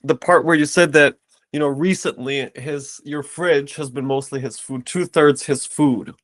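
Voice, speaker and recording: A man giving an astrology reading in a calm, explanatory way. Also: on the high side, a little slow. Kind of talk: casual consultation.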